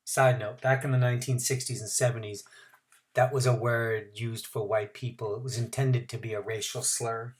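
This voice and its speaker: A man's voice: mid-range voice, little pitch movement, normal speed. Male teacher, reads a novel aloud to students, stops for asides and explanations. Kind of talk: reading a novel aloud to a class.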